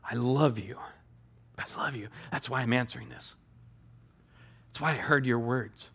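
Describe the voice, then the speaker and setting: A man voicing a tender, loving male savior who speaks softly and repeats his words of love in a hushed tone. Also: medium pitch, unhurried, gravelly, slightly rough, pitched below the performer's own voice, full character voice.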